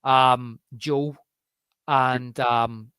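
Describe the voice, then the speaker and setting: A man's voice: medium pitch, drawn-out words, smooth, dry recording. A man co-hosting a casual film podcast, telling behind-the-scenes stories with lots of restarts and repeated words. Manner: animated anecdote-telling with frequent restarts. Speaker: podcast co-host.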